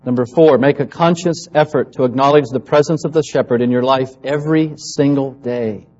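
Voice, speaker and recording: A man's voice: medium pitch, brisk, a little mellow, lo-fi sound. A man preaching, telling a personal testimony and acting out the people in his story. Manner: storytelling, acts out quoted voices. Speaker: pastor.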